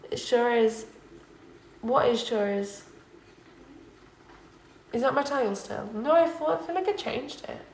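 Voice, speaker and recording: Her voice sits on the high side, gravelly and animated, unhurried with long pauses, picked up by a distant mic with a little hiss or hum. She's a drunk young woman from England livestreaming late at night from a student flat kitchen, chattily rambling and repeating herself. The room is echoey and she's occasionally off-mic.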